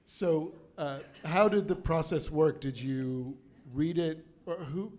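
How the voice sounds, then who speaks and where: A man moderating a book event, asking questions in a quick and halting way. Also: fairly high pitch, darkish tone. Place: event hall with an audience.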